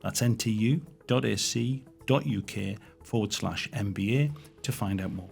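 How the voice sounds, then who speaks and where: A man hosting a business podcast, asking questions in a chatty, animated way and reading sponsor breaks. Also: on the low side, normal speed, vocal fry, faint music behind. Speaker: podcast host.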